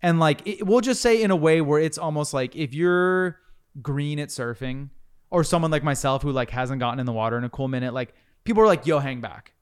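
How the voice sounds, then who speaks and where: A man's voice: on the high side, brisk, smooth. A man hosting a podcast, telling a long hypothetical story with casual swearing and a building of suspense. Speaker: podcast host.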